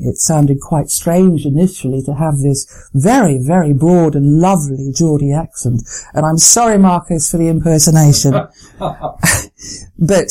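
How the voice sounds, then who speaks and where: A woman's voice: deep voice, dark tone, rough recording. Articulate middle-aged woman announcer. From Lancashire, England. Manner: measured, articulate, hesitant restarts. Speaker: former continuity announcer, guest. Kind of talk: interview answers.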